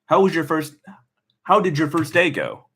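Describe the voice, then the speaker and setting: A bubbly, distracted teenage girl, giggly and breezy, chattering in a high lilting voice, as a man reading a novel aloud plays her. Her lines bounce all over in this storybook reading. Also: sing-song, moderate pace, slightly rough, heavily acted.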